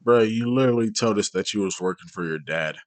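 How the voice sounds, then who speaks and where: Streamer type: low-voiced man, dry close sound, blunt and scornful reactions. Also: quick pace, no room sound. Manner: blunt, mocking and exasperated. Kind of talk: profane reaction commentary.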